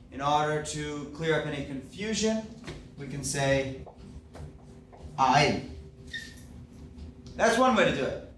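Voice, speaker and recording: A man's voice: a little high, a bit bright, a little hiss or hum. A man teaching Spanish grammar, explaining step by step and checking in with okay and right. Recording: echoey classroom, mic at a distance.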